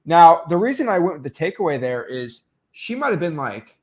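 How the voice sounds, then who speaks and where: A young man with a fairly high, sing-song voice coaches real estate wholesaling at a fairly quick clip. It's a casual screen-recorded tutorial, loose and rambling, packed with fillers and restarts.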